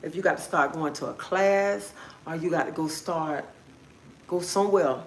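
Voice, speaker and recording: A woman's voice: sits low, normal speed, echoey room, a little hiss or hum, low-quality recording. A woman hosting a livestream, giving a repetitive, preachy, encouraging motivational talk. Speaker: livestream host.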